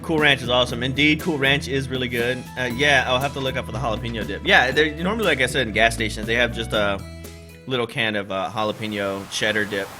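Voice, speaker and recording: A gaming channel host gives rambling, chatty let's play commentary over a farming game, swearing casually as game music plays. He's a fast talker with a mid-range voice.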